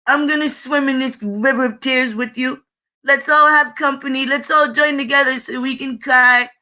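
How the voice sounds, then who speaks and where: A woman's voice: high voice, fairly even intonation, normal speed, pushed and bright. A woman mocking a whiny self-pitying complainer. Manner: mocking, melodramatic.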